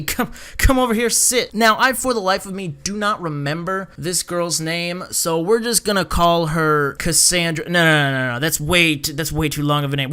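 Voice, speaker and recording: A man in his twenties telling a rambling, animated story to camera, acting out the other people's lines as he goes. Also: high voice, clean tone. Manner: rambling and animated, with many restarts. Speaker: vlogger. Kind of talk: storytime vlog.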